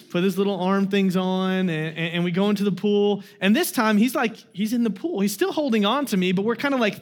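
A young adult man giving a sermon as a guest preacher, telling a family story in a casual way with many fillers. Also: high voice.

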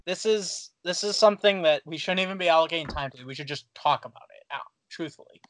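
A man's voice: on the high side, fast talker, a bit bright, no echo. A man co-hosting a podcast, talking earnestly in casual chat with repeated restarts. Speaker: podcast co-host.

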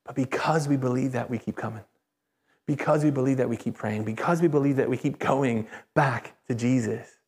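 A man preaching a sermon as a pastor, speaking conversationally and emphatically, with repeated phrases and animated rises. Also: mid-range voice, fairly quick. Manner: animated, rises sharply when excited. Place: church.

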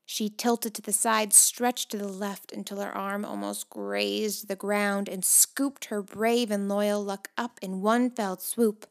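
A woman narrating a children's storybook, moving between hushed whispers and excited, louder passages. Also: mid-range voice, moderate pace, few pauses. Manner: expressive, shifts between hushed whispers and loud excited calls.

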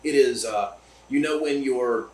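A man's voice: medium pitch, unhurried. Enthusiastic man hosting a distillery tasting. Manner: enthusiastic, joking, rambling. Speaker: host. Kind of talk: casual tasting chat. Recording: roomy, from a distance.

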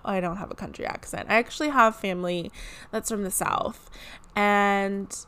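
A woman's voice: medium pitch, steady tone, moderate pace, sharp tone, clean tone. Chatty, giggly woman podcast host. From California. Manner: chatty and giggly, with many fillers. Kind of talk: casual chat.

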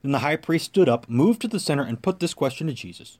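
A man giving a liturgical scripture reading and then reciting prayers in a solemn, measured manner. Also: fairly high pitch, expressive, darkish tone. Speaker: scripture reader.

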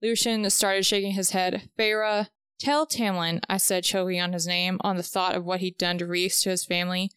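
A woman reading aloud a chapter-by-chapter recap of a novel, with the dialogue read in a steady, even pace. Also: fairly low pitch, normal speed, hardly any pauses, smooth, no room sound, clean studio sound.

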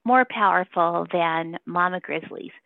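A woman's voice: on the low side, a little slow, gravelly, no echo. A woman giving a casual phone interview, rambling and emotional, laughing often between her points. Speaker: interview guest. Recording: tinny phone line.

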